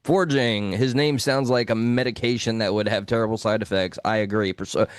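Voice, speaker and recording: A man's voice: fairly low pitch, steady tone, brisk, clean tone, dry recording, studio quality. A man co-hosting a call-in talk show, teasing and cracking jokes. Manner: teasing, wisecracking. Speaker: co-host. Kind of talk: casual call-in show banter.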